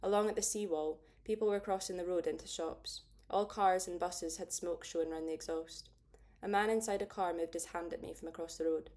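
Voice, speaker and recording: A woman narrating a first-person audiobook in a steady, understated way. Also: lowish voice, brisk, few pauses.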